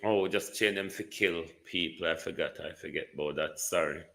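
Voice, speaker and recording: A man's voice: sits low, normal speed, creaky, sharp tone. A man with a Jamaican accent giving live political commentary, taunting and rhetorical, often asking "hmm?".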